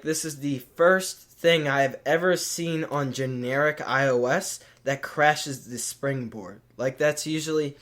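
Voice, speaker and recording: Co-host, male, mid-pitched, meandering explainer who thinks out loud. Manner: rambling, thinks aloud with many "like"s. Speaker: podcast co-host. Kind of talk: casual tech podcast chat.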